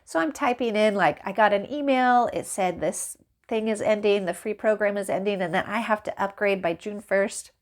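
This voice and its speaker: A woman vlogging casually to camera, animated and exasperated, laughing and acting out the exchanges as she tells them. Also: medium pitch, moderate pace, few pauses. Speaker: small business vlogger. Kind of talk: casual ranting vlog to camera.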